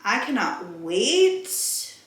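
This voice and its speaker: A woman's voice: medium pitch, big pitch swings, extremely slow, fairly bright tone. A woman chatting casually in a home vlog, rambling and out of breath. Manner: rambling, chatty, self-interrupting. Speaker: vlogger. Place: home room. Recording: echoey room.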